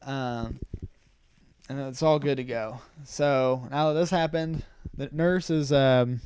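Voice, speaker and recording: A man's voice: mid-range voice, fairly even intonation, slow, darkish tone, smooth, no room sound, studio quality. A young man co-hosting a podcast, retelling a story in casual chat with plenty of "um"s and quoted lines.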